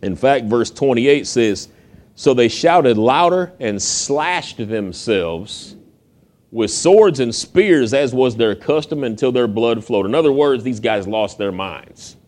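In his sermon, this pastor brings a Bible story to life with chatty, energetic storytelling, acting out each character's voice. He's a man with a mid-range voice who speaks slowly.

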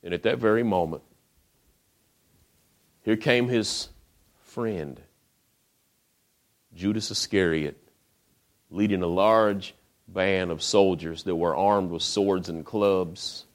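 A man's voice: low voice, slow, pauses often. A man preaching a sermon, retelling a scripture story in a casual storytelling way with rhetorical questions.

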